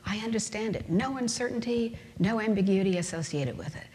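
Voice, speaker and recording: A woman's voice: medium pitch, animated, fairly quick, a little mellow, a little hiss or hum. A woman giving a conference lecture, talking emphatically with rhetorical questions and everyday examples. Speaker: conference speaker. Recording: long hall reverb.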